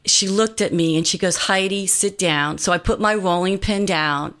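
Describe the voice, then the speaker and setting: A woman's voice: lowish voice, normal speed, a bit bright. A woman guest telling a personal story in an earnest, meandering way, full of fillers and restarts.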